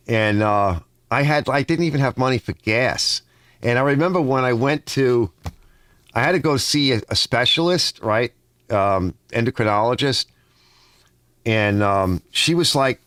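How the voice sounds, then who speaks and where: A man talking casually in his home garage, reading out viewer comments and wandering into long personal stories. His pitch rises and falls a lot, and the sound stays close and dry. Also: fairly bright tone, no echo. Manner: rambling, personal storytelling full of restarts. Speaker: host of a garage channel.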